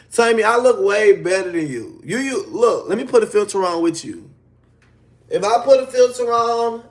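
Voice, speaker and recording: A man with a high-pitched voice rants on a casual livestream. He trash-talks a rival in a mocking, sing-song way, stacking insult on insult.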